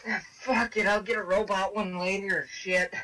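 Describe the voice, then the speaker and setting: Bright, blunt, cursing man at a game table. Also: sits high, steady tone, normal speed, slight background noise, low-quality recording. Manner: profane, frustrated, blunt.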